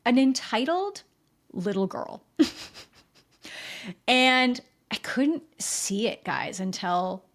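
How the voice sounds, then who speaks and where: A woman's voice: fairly high pitch, expressive, slow, long pauses. A woman hosting her own podcast, talking candidly to listeners and often checking in with them. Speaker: podcast host. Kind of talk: candid solo podcast talk. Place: home in a rainy city.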